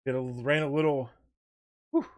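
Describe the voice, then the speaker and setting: A young man hosts a livestream, painting figures while he rambles and chats casually with viewers, greeting chat members by name. His medium-pitched voice is expressive and unhurried, though he sounds a little out of breath.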